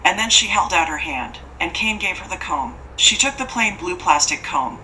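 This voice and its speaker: Bright-voiced woman reading horror. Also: fairly low pitch, animated, normal speed, slight background noise, poor audio. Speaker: audiobook narrator. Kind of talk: scripted horror narration.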